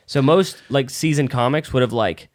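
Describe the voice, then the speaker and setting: A young man co-hosting a casual chat about stand-up comedy, telling animated stories and swearing freely. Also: medium pitch, normal speed. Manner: animated storyteller, swears a lot. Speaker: podcast co-host, aspiring comedian.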